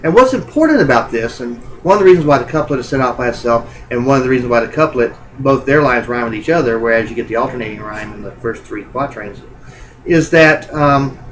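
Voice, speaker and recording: A man's voice: mid-range voice, a little hiss or hum, poor audio. A man teaching in a recorded lecture, talking informally and using many filler sounds.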